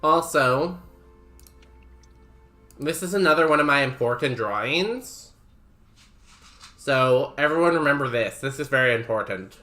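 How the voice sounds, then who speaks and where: A man's voice: mid-range voice, animated, unhurried, long pauses, sharp tone, faint music behind. A young man streaming a game, chatting casually with his viewers, laughing often and saying "like" a lot. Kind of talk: casual chat while playing a game.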